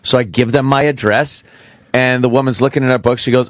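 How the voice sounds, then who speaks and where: A man's voice: medium pitch, fairly even intonation, brisk, dry recording, studio quality. Profane middle-aged man telling a story. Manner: profane, rambling storyteller with many restarts. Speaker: radio show host. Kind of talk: casual radio talk, telling a story.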